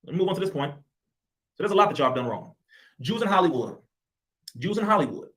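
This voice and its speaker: A commentator speaks to camera in an impassioned address, emphatic, sarcastic and repetitive. His voice is high, animated, fast and a little bright.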